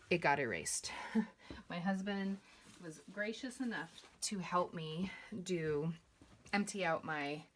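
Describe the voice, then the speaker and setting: Chatty low-voiced young woman vlogger. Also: a little hiss or hum. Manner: chatty, rambling, many fillers and asides. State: out of breath. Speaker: budgeting vlogger. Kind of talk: casual chat while budgeting on camera.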